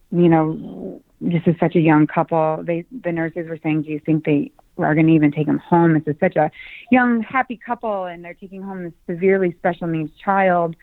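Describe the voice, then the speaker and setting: A woman guest telling a personal story on a podcast, lively and excited as she recounts it. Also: fairly low pitch, no room sound. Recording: dry tinny phone-like sound.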